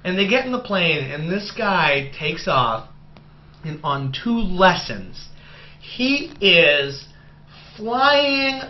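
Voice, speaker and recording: Animated high-voiced man recapping a movie. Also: slow pace. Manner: animated storyteller, recaps scenes with acted-out quotes. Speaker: podcast co-host, movie reviewer. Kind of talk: casual movie review chat. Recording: dull lo-fi podcast audio.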